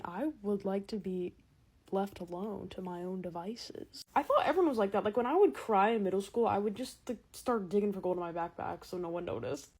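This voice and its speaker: Husky young woman, sarcastic rants. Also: mid-range voice. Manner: sarcastic, exasperated, jumps between loud outbursts and mumbled asides. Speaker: comedy TikTok creator. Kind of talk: ranting comic monologue.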